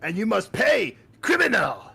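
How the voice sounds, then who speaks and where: A man's voice: high voice, huge pitch swings, measured pace, vocal fry, bright, forceful tone, husky, exaggerated voice. A man putting on a mock Russian-French accent for a threatening foreign sailor, in broken English. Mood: menacing.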